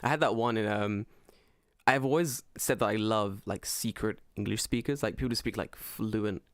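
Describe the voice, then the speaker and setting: A man co-hosting a podcast, telling stories in an animated way, swearing freely and acting out what people said. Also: on the low side, normal speed, dry recording, clean studio sound. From United Kingdom. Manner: animated storyteller, swears freely, acts out quotes. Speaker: podcast co-host. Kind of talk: casual chat.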